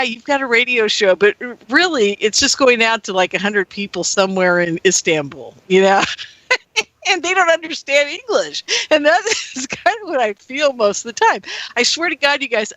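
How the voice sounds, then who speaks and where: Radio host lady rambling on her show, laughs a lot, bright voice, dry close mic. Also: a little high, no room sound, poor audio. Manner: rambling, animated, laughs often. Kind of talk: casual personal monologue.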